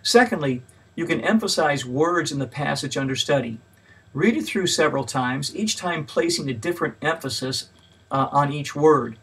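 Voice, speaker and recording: A man's voice: fairly high pitch, moderate pace, fairly bright tone, slightly rough, distant mic. A man giving a mini lecture on Bible study in a plain, patient teaching manner, with frequent fillers and extra stress on each point he lists. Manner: stresses key words when listing points.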